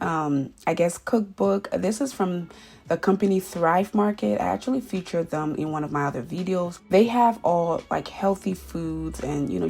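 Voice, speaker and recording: Chatty woman with a gravelly voice. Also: fairly low pitch. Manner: chatty, repeats words for emphasis. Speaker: home decor vlogger. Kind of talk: casual voice-over vlog. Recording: soft background music.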